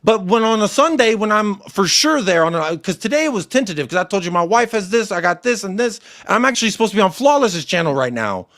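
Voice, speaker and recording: A man in his thirties who crashes a football chat with loud, taunting banter. His voice rides high for a man, and he teases and curses freely. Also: sing-song, fast talker, few pauses. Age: 30s. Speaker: panelist. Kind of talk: boisterous casual banter.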